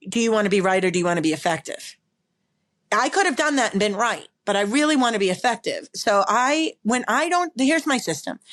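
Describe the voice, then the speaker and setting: A woman who is a podcast guest and body language expert, telling a personal story in an emphatic, animated way, often repeating words. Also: medium pitch. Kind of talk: conversational storytelling interview.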